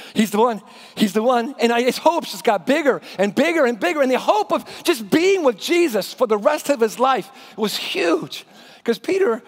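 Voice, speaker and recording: Animated male pastor preaching in a hall. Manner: animated, drops to a hushed low voice for emphasis. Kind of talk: sermon. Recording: reverberant church hall.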